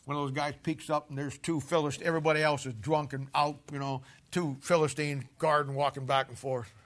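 A man preaching a sermon, telling a Bible story in a folksy, animated way with casual army slang. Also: on the high side, fairly quick.

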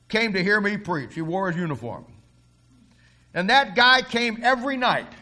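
A man's voice: high-pitched, sharp tone. An older man preaching a sermon, telling stories in a fervent, folksy way.

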